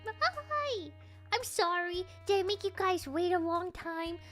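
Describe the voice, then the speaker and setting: A woman's voice: very high voice, little pitch movement, normal speed, fairly bright tone, soft background music. A young woman streaming a game, chatting with her viewers in a bubbly, giggly way and greeting them again and again. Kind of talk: live game stream chat.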